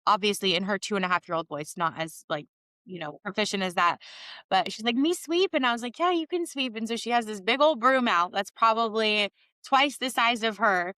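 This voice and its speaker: A woman's voice: mid-range voice, brisk, pushed and bright, no room sound, studio quality. A woman podcast host and mother, chatting and telling family stories in an upbeat way. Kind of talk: interview conversation.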